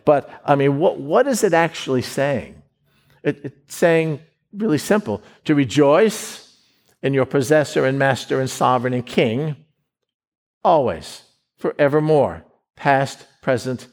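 A man's voice: on the high side, a little mellow. A middle-aged man preaching a sermon, emphatic, often stumbling over repeated words as he builds his point.

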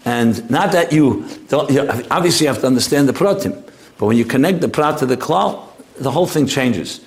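A man's voice: medium pitch, lively intonation, normal speed, slight background noise. A man giving an informal Torah class, talking in a rambling, anecdotal way with frequent restarts. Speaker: Torah teacher.

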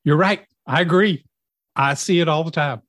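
A middle-aged man telling a personal recovery story, acting out quoted dialogue with lively storytelling. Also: a little high, normal speed, dry recording. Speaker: guest in recovery.

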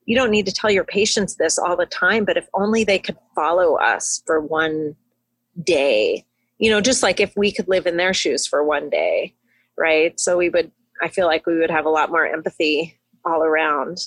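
A woman's voice: deep voice, normal speed, slightly rough, no room sound. A woman guest on a podcast, a hospitalist, chatting casually and telling stories with frequent laughs. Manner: chatty, laughs often, emotional storytelling.

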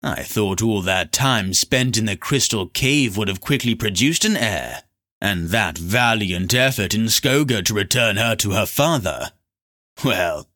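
A man's voice: on the low side, bright, forceful tone, full character voice. A man voicing a scheming male black sorcerer who speaks in a smug, purring, mocking way.

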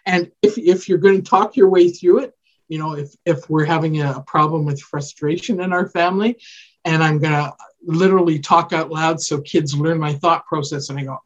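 A woman from Canada talks through parenting advice as a podcast guest. She explains earnestly and conversationally, often checking in with a quick "right?" or "you know". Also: deep voice, fairly even intonation, highs cut off. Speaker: child development specialist guest.

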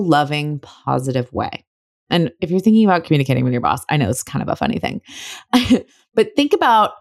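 A young woman talks through her own podcast in a loose, chatty way, sometimes laughing. Her voice sits on the low side. The sound is dry and close, with no room around it. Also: dry recording. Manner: chatty and warm-hearted, breaks into laughs. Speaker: podcast host. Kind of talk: casual solo podcast talk.

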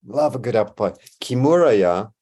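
A man hosting a podcast interview, firing off quick questions and answering with short, easy reactions. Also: medium pitch, expressive, warm tone, breathy edge. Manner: easygoing and affirming, with short reactions. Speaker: podcast host.

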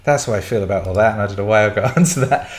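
A man's voice: fairly low pitch, racing. A middle-aged man hosting a casual livestream Q&A, blunt and sweary as he rants and answers chat questions. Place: indoor room. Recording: roomy echo.

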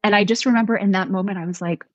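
A middle-aged woman, a guest author, telling a personal story in a conversational, animated way, acting out what people said. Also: medium pitch, very fast, no echo, highs cut off. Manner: animated, acts out quotes.

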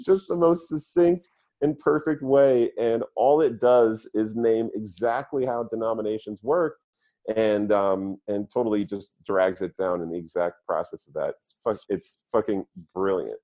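An enthusiastic man recounts a comedy routine in casual chat and laughs often between lines. His voice is warm and mellow, while his pitch rises and falls in a lively way.

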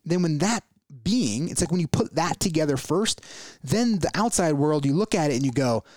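Male podcast host, earnest motivational talker, somewhat high voice, dry close mic. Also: lively intonation, moderate pace, a little mellow, no room sound. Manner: earnest, repetitive, acts out inner worries in quoted asides. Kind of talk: casual motivational podcast talk.

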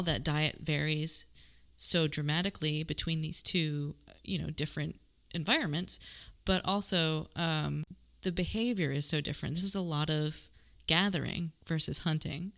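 Casting: woman podcast co-host, bright, lowish voice, chatty explainer with jokes. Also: moderate pace. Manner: explains at length with jokes, laughs easily. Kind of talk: casual science podcast chat.

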